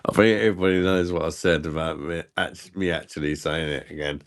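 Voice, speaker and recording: A man's voice: rumbling low, fairly even intonation, brisk. A man hosting a casual livestream chat, trading crude, self-mocking banter and laughing often. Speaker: livestream host.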